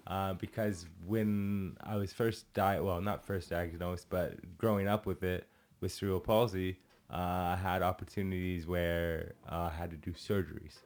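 A man's voice: low voice, fairly even intonation, normal speed, a little mellow. Casual, slightly tipsy man chatting. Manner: loose, swearing, rambling with restarts. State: a bit tipsy. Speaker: podcast guest, comedian. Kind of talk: casual chat.

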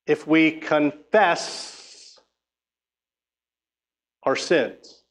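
A man preaching a sermon, reading scripture and urging listeners with emphatic, exhorting speech. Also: fairly high pitch. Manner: emphatic, exhorting, with frequent restarts.

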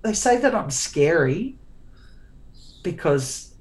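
A forthright woman in her forties talks as an interview guest, with a notably low, deep voice. She is sarcastic and plain-spoken, often starting a phrase twice before carrying on. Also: big pitch swings, slow pace, darkish tone, low-quality recording. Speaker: guest author. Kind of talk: candid interview chat.

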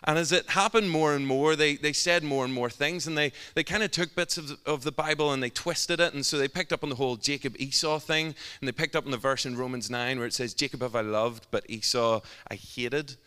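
A Northern Irish man preaching a sermon. He tells an animated, humorous story and his voice sounds bright and forceful. Long reverb from a large hall trails behind each phrase. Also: on the high side, fairly quick, few pauses, smooth. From Northern Ireland.

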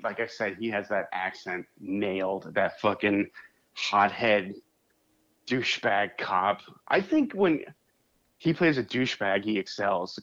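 A man's voice: fairly low pitch, fairly bright tone. A man co-hosting a podcast in casual chat, talking loosely, laughing and swearing as he goes. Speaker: podcast co-host. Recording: muffled lo-fi sound.

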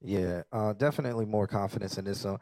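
Male podcast host, easygoing and talkative, low-pitched, recorded dry. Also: fast, mellow, no room sound. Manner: chatty, loose, laughs easily, lots of fillers. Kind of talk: casual podcast chat.

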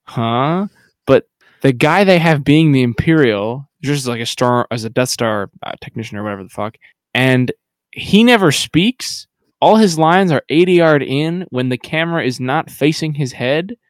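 A man's voice: mid-range voice, expressive, normal speed. A man co-hosting a podcast who slips dry, sarcastic remarks into a casual conversation. His voice sits in a middle range for a man. The recording is close and dry, with no echo. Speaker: podcast co-host. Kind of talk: casual chat.

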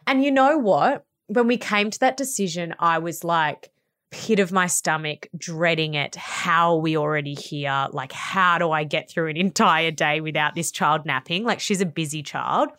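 A woman's voice: sits low, normal speed, a bit bright. A woman co-hosting a parenting podcast, chatting candidly and swearing casually. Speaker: podcast co-host. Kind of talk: casual chat.

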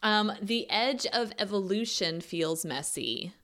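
A woman co-hosting a casual podcast chat, playful and giggly, with quick joking asides. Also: mid-range voice, lively intonation, fairly bright tone. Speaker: podcast co-host.

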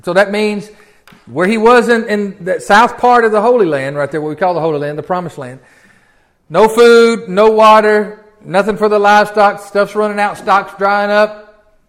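A man's voice: high voice, moderate pace. Folksy preacher man. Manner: folksy, conversational, many rhetorical questions. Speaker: pastor. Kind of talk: sermon Bible teaching.

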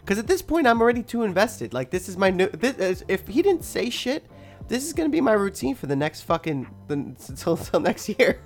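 A woman's voice: mid-range voice, brisk, soft background music. A young woman hosting a podcast, telling a story casually with lots of swearing and laughter. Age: young adult. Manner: animated, swears a lot, laughs often. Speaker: podcast host.

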